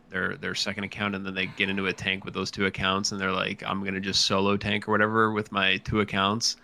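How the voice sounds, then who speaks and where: Low, bright-toned man rambling on a podcast. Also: vocal fry, smooth. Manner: rambling, swears, restarts sentences. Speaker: podcast guest. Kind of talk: casual chat.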